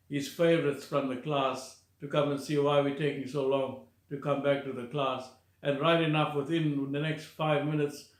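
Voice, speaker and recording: A man's voice: fairly high pitch, echoey room. An older man from South Africa telling a school story in a chatty, rambling way, full of fillers and restarts. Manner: chatty, many fillers and restarts, quotes others aloud. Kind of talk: casual spoken anecdote.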